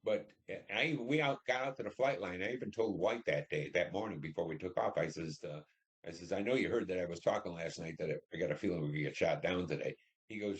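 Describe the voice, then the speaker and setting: A man's voice: low voice, a little fast. A man in his seventies, a Vietnam War veteran, telling his wartime memories in an oral history interview and acting out the dialogue as he goes. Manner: plain storytelling, acts out dialogue.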